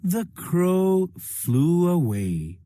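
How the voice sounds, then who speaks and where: A woman teacher with an Indian English accent narrating a story for young children, slow and explaining. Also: lowish voice, big pitch swings, dark tone, no echo, studio quality.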